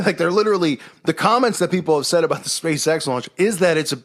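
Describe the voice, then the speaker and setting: A man's voice: on the high side, lively intonation, fast, fairly bright tone. A man hosting a casual monologue show, talking in a sarcastic, mocking way. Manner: sarcastic, mocking impressions of others. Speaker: host.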